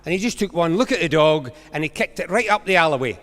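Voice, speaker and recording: A Scottish man working through stand-up jokes with quick, punchy setups. His voice sits high and rings bright, carried by a long reverb from a big concert hall. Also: lively intonation. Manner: brisk joke-teller, punchy setups. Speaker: comedian. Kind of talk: stand-up storytelling on stage.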